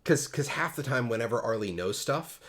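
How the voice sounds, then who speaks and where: A man's voice: medium pitch, lively intonation, brisk. A man from Pennsylvania hosting a casual gaming podcast, rambling and poking fun at himself as he hands the talk around. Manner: rambling, self-mocking and jokey. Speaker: podcast host.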